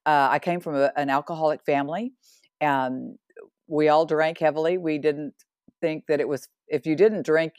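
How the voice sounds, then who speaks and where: Low-voiced woman in her sixties telling her story. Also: no room sound, clean studio sound. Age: 60s. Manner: animated and earnest, with laughs and asides. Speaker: podcast guest. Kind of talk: personal faith testimony.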